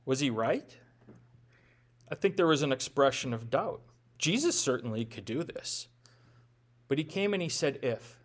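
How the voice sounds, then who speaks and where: A man's voice: medium pitch, animated, normal speed, long pauses. A male pastor preaching a sermon in a conversational way, with rhetorical questions and self-deprecating humor.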